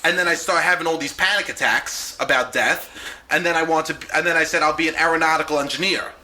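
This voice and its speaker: A man's voice: a little high, fairly quick, pushed and bright, a little hiss or hum, poor audio. A man talking candidly as a podcast guest, swearing freely and restarting his sentences often. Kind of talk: casual podcast chat.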